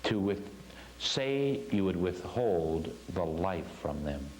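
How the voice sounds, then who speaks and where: A man with a fairly low voice leads a spiritual class, telling a story in an earnest, emphatic way. He hammers home his points by repeating phrases. A faint hum sits under the recording. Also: sing-song, takes it slowly. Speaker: spiritual teacher.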